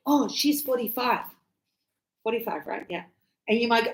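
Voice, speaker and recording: A woman's voice: a little high, animated, normal speed, reverberant, rough recording. A woman teaching English grammar, patiently explaining with repeated examples and frequent check-ins. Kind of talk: slow classroom explanation.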